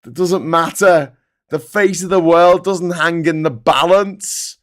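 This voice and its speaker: A middle-aged man hosting a live stream, talking in casual, animated, sweary commentary. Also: on the high side, takes it slowly.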